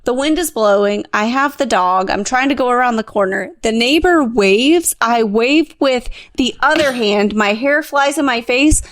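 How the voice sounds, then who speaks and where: A woman co-hosting a podcast, telling a story in a lively, self-mocking way with acted-out quotes. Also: fairly high pitch, moderate pace, hardly any pauses, dry recording. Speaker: podcast co-host. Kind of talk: casual chat, comic storytelling.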